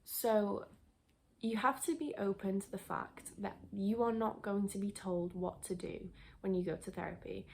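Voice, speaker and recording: This young woman, a lifestyle vlogger, has a medium-pitched voice with a darkish tone. She sits and chats casually to camera, rambling with restarts and a little out of breath.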